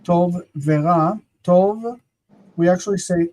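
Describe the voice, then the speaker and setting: A teacher hosting a live-streamed grammar lesson, explaining slowly and patiently with frequent pauses and repeating words aloud. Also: medium pitch, mellow, slight background noise.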